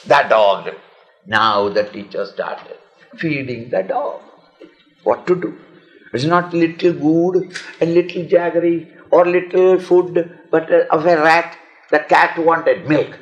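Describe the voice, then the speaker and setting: A man with an Indian English accent, an Indian monk telling a children's story with animated delivery, frequent chuckles and dramatic pauses. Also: fairly high pitch.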